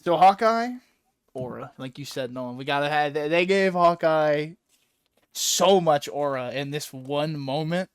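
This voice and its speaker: A man hosting a casual comic book chat, animated, swearing and laughing a lot. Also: on the high side, unhurried, clean tone, no echo, studio quality. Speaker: podcast host.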